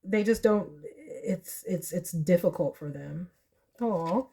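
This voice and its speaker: A woman's voice: on the low side, expressive, takes it slowly, vocal fry, warm tone, husky. A woman, reading tarot in a chatty, emotional monologue full of likes and y'alls. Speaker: tarot reader.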